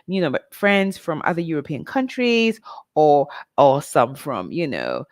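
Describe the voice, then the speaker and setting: A woman's voice: low-pitched, very animated, a little slow, no room sound, studio quality. A middle-aged woman from Nigeria, talking candidly and directly to her listeners in a reflective personal monologue. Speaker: vlog host.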